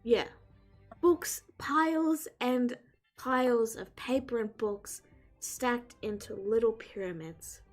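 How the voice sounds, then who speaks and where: A woman's voice: a little high, soft background music. Woman game master narrating a scene. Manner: descriptive, pausing to search for words.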